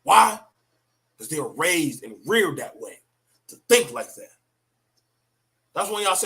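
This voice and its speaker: A man's voice: fairly high pitch, very animated, unhurried, creaky, long pauses, bright, forceful tone. Blunt, profane middle-aged man preaching. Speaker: commentator on parenting. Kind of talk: casual opinion monologue.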